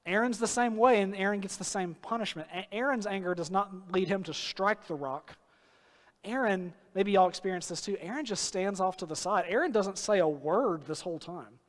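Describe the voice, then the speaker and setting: A high-pitched man preaches in a church, his voice trailing off into a long hall reverb. He talks earnestly and slows right down to stress key phrases. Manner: earnest preaching with sudden slow emphatic phrases and acted quotes. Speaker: pastor. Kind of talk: sermon. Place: church sanctuary.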